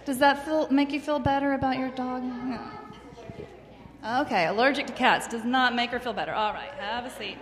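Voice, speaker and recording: A woman teaching a class of children, gentle and encouraging, asking them questions as she goes. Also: high voice, normal speed. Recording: echoey room, faint background noise.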